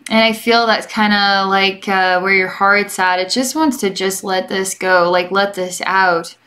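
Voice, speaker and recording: A young adult woman giving a gentle, chatty energy healing session as a psychic, rambling and often checking in with the listener. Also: medium pitch, steady tone, measured pace. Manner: gentle and reassuring toward the listener. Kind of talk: relaxed guided healing session.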